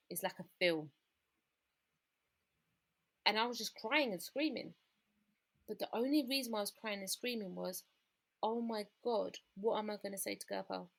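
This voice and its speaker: Woman with a gravelly voice. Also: mid-range voice. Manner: candid, recounting events with quoted dialogue. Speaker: guest. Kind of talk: personal story in a podcast interview.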